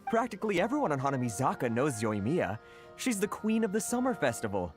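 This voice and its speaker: A man's voice: fairly high pitch, very animated, fast talker, faint music behind. An actor playing an earnest, grateful townsman in a game cutscene.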